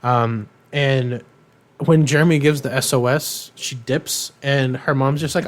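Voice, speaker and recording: A man's voice: mid-range voice, fairly even intonation, measured pace. A man co-hosting a podcast, recapping a cartoon in a casual, rambling way, with lots of ums and irreverent asides. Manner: rambling, filler-heavy, irreverent; acts out characters' lines in quotes. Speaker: podcast co-host.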